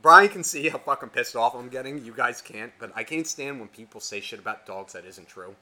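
A man's voice: mid-range voice, brisk. A man co-hosting a podcast, telling a casual, profanity-filled story and acting out what people said. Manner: animated, swears a lot, acts out quotes. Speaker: podcast co-host.

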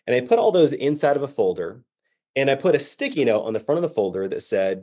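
Animated male motivational storyteller. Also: medium pitch, quick pace. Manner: animated storyteller acting out quoted voices. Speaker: keynote speaker.

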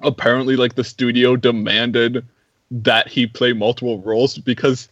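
A man's voice: medium pitch, flat delivery, moderate pace, fairly bright tone, dry recording, dull audio. A man talking casually about a film, full of "like" fillers and incredulous asides. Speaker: film podcast co-host.

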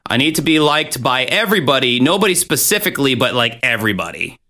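A man's voice: medium pitch, sing-song, fast talker, sharp tone. A man hosting a podcast, chatting casually and joking around in a rambling way. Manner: joking, rambling, playful put-on voices. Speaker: podcast host.

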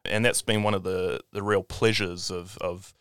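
A man's voice: sits low, fairly even intonation, moderate pace, a bit bright, clear, resonant tone, no room sound, clean studio sound. A man, a historian guest on a podcast, talking thoughtfully and often restarting his sentences. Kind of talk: conversational interview.

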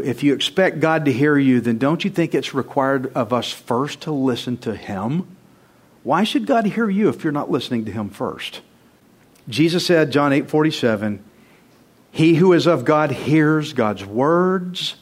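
A man's voice: medium pitch, lively intonation, moderate pace, slightly rough. A male pastor preaching a sermon, emphatic and conversational, firing rhetorical questions straight at his congregation. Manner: conversational, direct address to the congregation.

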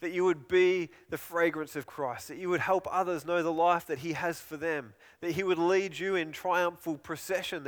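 A man's voice: a little high, in a large hall. A man preaching a sermon in an earnest, pleading way, often repeating and restarting phrases.

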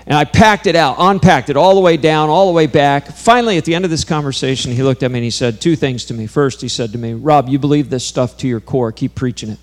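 A man's voice: medium pitch, lively intonation, a little fast, few pauses. An earnest man preaching, recounting a personal story from the pulpit. His delivery climbs to intense, emphatic peaks. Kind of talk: sermon storytelling.

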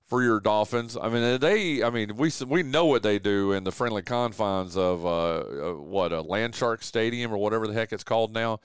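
A man's voice: fairly low pitch, normal speed, hardly any pauses, clear, resonant tone, no echo. A man hosting a radio show, chatting casually and emphatically about sports from a studio. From southwestern Virginia. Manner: emphatic, says "dude" often. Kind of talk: casual sports talk chat. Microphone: studio mic.

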